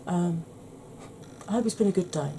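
A woman with a husky, croaky voice hosts a soft-spoken ASMR makeup tutorial, chatting gently to her viewers. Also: fairly low pitch, normal speed, noisy background. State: husky, croaky voice from a sore throat.

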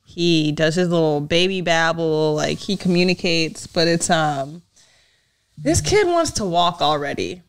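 A young woman co-hosting a podcast in casual chat, an animated storyteller who laughs often. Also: sits low, unhurried, clear, resonant tone. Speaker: podcast co-host.

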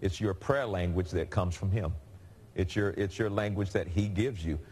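A man with a low voice preaches a sermon at normal speed, telling stories conversationally and animatedly, with laughs.

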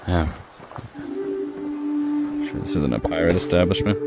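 A man's voice: sits low, fairly even intonation, moderate pace, long pauses, music in the background. A young adult man giving casual, joking commentary while playing a video game. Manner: chatty, joking, reacting aloud. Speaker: gaming streamer.

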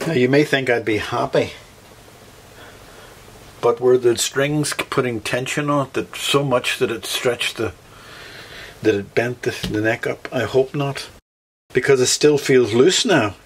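A man's voice: mid-range voice, measured pace, long pauses, breathy edge. A Northern Irish man, a luthier, talking through a guitar repair as he works, thinking aloud and correcting himself mid-sentence. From Northern Ireland. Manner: thinks aloud while working, self-correcting.

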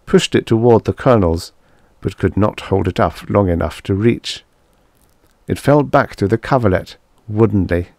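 A man narrating a vintage science fiction story with expressive storytelling. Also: on the low side, creaky, no echo, clean studio sound. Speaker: audiobook narrator. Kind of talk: scripted narration.

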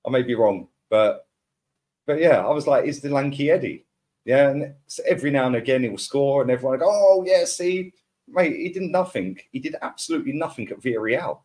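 A man's voice: mid-range voice, animated, fairly quick, a little mellow. A man, ranting as a football podcast pundit in heated casual chat, full of slang and repeated words.

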